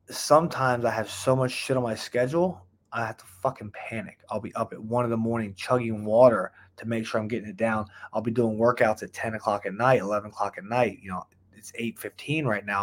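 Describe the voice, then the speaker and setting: A man giving a casual motivational monologue as a vlogger, blunt and profane, rambling and often tossing in "right?". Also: medium pitch. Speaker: self-improvement vlogger. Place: indoors at home by a whiteboard.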